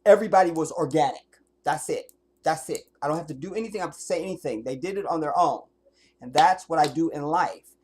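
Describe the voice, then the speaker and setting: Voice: mid-range voice, fast talker, darkish tone, slight background noise. Blunt, profane livestreamer. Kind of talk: livestream rant.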